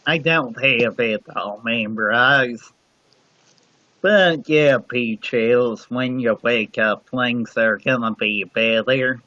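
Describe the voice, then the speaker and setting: A man's voice: medium pitch, slow pace, sharp tone, dry recording. A man joining a casual livestream chat as a guest from home, easygoing and laid-back. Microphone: computer mic on a livestream. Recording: dull, dry lo-fi stream audio.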